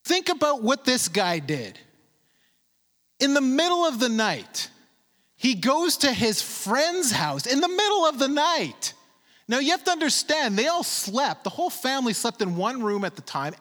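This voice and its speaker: A man delivers a sermon in a high, lively voice that swoops up and down. He leans hard on key words and draws them out slowly. His voice rings with the long reverb of a large hall. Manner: emphatic, stretches words slowly for emphasis. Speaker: preacher.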